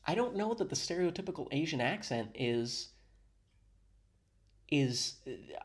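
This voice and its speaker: A man's voice: fairly high pitch, expressive, a little slow, pauses often. A man hosting a reaction video, giving sarcastic, mock-admiring commentary.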